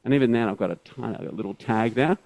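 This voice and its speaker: A man's voice: medium pitch, fast, creaky, a little mellow, dry recording, poor audio. A man, a surgeon, giving step-by-step teaching commentary during a live operation, often checking in with tag questions.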